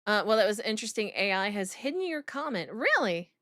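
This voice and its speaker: A woman's voice: mid-range voice, big pitch swings, fairly quick, fairly bright tone, no echo, clean studio sound. A woman streamer chatting through a game reaction in a blunt, profane, giggly way.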